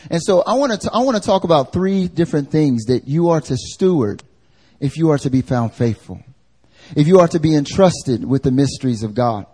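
A man preaching a live church sermon, animated and conversational, acting out everyday voices. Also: fairly high pitch, a little fast, slightly rough. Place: church service.

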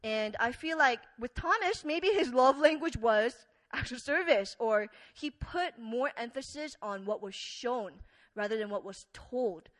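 A woman preacher giving an earnest, conversational sermon, telling the story with many fillers and wide swings between loud and soft. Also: on the high side, animated, measured pace, rough recording.

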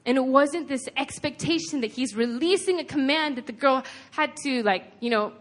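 Woman preacher, slightly high voice, casual and earnest, chatty sermon delivery. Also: normal speed. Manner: conversational, earnest, retelling scripture with frequent "like".

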